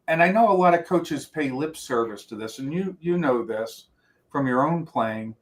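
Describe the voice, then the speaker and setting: A man's voice: medium pitch, moderate pace. Rambling middle-aged man telling stories. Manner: rambling storyteller with many restarts and quoted voices. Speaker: guest. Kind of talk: reminiscing interview talk.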